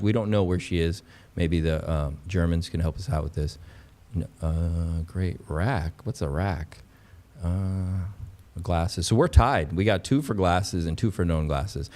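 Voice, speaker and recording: Deep voiced guy hosting a stream, chatty, repeats stuff, keeps talking to chat. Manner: excitable, repeats phrases, talks to chat as "pups". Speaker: livestream host. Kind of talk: casual crypto livestream chat.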